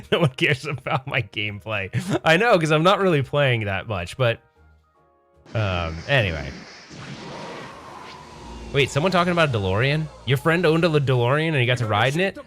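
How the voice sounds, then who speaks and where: A man with a middle-pitched voice hosts a pinball livestream in a casual, rambling way. He keeps restarting his sentences and talking straight to his chat, with faint music behind him. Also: sing-song, moderate pace, pauses often, a bit bright. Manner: rambling, self-correcting, chatty with chat. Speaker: pinball streamer host.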